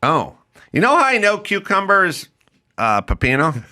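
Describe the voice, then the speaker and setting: A man's voice: high voice, wildly swooping pitch, measured pace, pushed and bright. A man hosting a podcast in casual chat, riffing sarcastically and slipping into mock accents. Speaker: podcast host.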